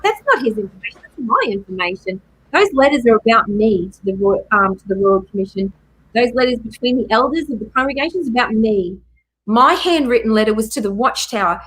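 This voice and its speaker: A woman's voice: medium pitch, fairly bright tone, rough recording. A middle-aged woman telling her own story as a guest, emphatic and repeating key phrases for force. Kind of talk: personal testimony in a live chat.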